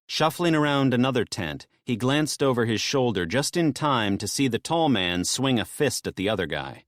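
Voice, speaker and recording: A man narrating an audiobook with tense storytelling, dropping low and soft in grim moments. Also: sing-song, normal speed, dry recording, studio quality.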